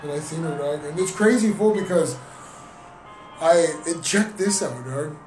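A man's voice: a little high, animated, measured pace, a little mellow. Young man, slangy storyteller. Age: young adult. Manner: slangy, swearing, code-switching storytelling. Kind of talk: casual chat. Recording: roomy distant mic with music. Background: music.

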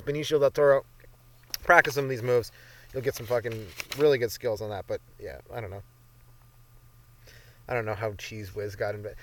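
A young man hosts a comedy podcast, riffing off the cuff in a loose, rambling way and swearing freely. His voice sits at an ordinary middle pitch. He is close on a dry mic with no room sound. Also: dry recording. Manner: loose, profane, rambling with lots of fillers. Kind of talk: rambling stand-up style monologue.

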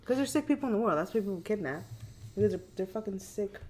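A woman's voice: medium pitch, animated, warm tone. Hesitant woman in casual chat. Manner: hesitant, restarts often, quick to laugh.

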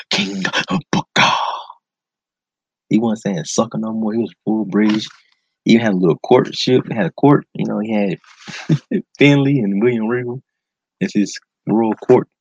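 A man talks fast and loose on a casual solo podcast, full of slang and excited repeats. His voice sits low but swings widely up and down. The sound is dull and lo-fi, close and dry. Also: gravelly, slightly rough, no echo. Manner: enthusiastic, slangy, repeats words for emphasis. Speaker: podcast host.

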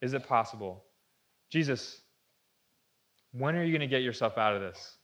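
A man's voice: medium pitch, animated, normal speed, long pauses, a bit bright. A man preaching a sermon to a room, earnest and conversational, asking rhetorical questions as he explains. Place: room with an audience.

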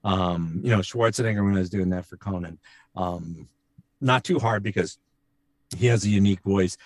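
A male voice actor in casual podcast chat, rambling with fillers and slipping into quick voice demos. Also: deep voice, no room sound, clean studio sound. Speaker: voice actor and impressionist.

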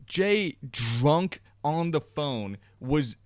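A man's voice: a little high, animated, very slow. A young man, laid-back and swearing as he recounts a gaming night in a casual chat. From Canada. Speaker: podcast co-host.

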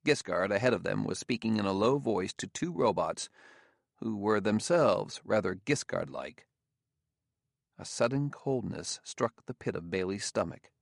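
Low, gravelly male audiobook narrator. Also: no echo, studio quality. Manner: measured, steady storytelling. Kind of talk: scripted narration.

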